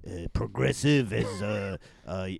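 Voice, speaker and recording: A man's voice: lowish voice, slow pace, a little mellow, a little hiss or hum, exaggerated voice. A man voicing a sleazy, boastful male French snake in a put-on French accent, hamming it up for an improvised comedy bit on a podcast. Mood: worldly. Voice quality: gravelly, hammy and lewd.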